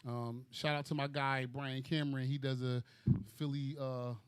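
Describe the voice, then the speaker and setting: A man's voice: mid-range voice, flat delivery, moderate pace, clean tone. A man in casual sports chat, thinking aloud hesitantly and tagging his points with "right?". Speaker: podcast co-host.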